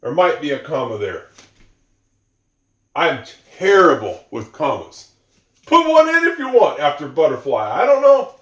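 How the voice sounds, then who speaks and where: A man teaching English to learners, going slowly and repeating example sentences, with musing asides. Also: fairly high pitch, big pitch swings, roomy sound.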